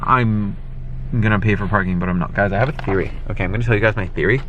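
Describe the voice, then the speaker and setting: A man hosting a vlog from inside a car, joking and teasing in casual chat, jumping up in pitch for his punchlines. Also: steady tone, quick pace, highs cut off, a little hiss or hum. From Canada. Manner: playful, teasing, jumps to high exclaims. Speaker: vlogger host.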